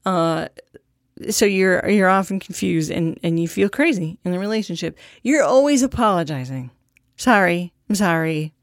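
A woman's voice: fairly low pitch, animated, moderate pace, dry recording. Young woman podcaster, swears a lot, candid and jokey, dry close mic. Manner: candid, profane and self-deprecating. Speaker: podcast host. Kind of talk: casual monologue.

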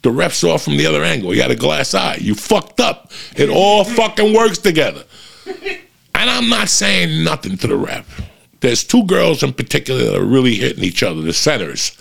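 A middle-aged man, telling a profane stand-up story that rises into loud, animated rants. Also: fairly high pitch, moderate pace, vocal fry, slightly rough. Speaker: stand-up comedian.

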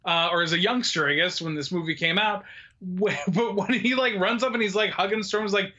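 A man co-hosting a casual movie recap podcast, animated and laughing often as he talks. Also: high voice, brisk, muffled recording. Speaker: podcast co-host.

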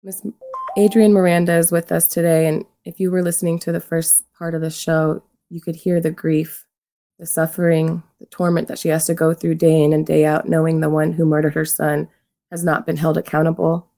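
A woman's voice: deep voice, little pitch movement, a little fast, warm tone. A woman hosting a show, introducing a guest and earnestly urging listeners to act. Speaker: podcast host.

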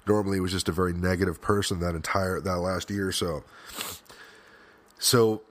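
A man hosting a podcast, talking earnestly in a personal, reflective monologue, with an emotional, halting delivery that often restarts. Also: low voice, steady tone. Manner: frequent restarts and fillers, swears at times. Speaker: podcast host.

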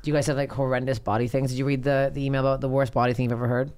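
A woman hosting a podcast in casual chat, brash and swearing freely, quick to laugh. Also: extremely low pitch, steady tone, a little mellow. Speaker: podcast host.

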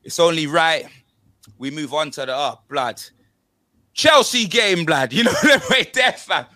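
A young man with a London accent, hosting a football podcast in slangy, animated banter. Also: on the high side, a little slow, dry recording, studio quality. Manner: slangy, animated banter with constant tag words. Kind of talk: casual chat.

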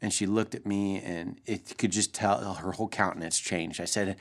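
A man in his thirties, a pastor, telling a family story in an earnest, gentle way for a short devotional. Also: low-pitched, fairly even intonation, moderate pace, hardly any pauses.

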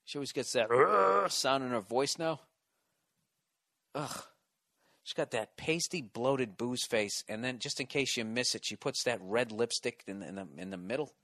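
A man's voice: medium pitch, sharp tone, no echo. Profane rambling male podcast host. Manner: profane, rambling and self-mocking. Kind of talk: solo comedic rant.

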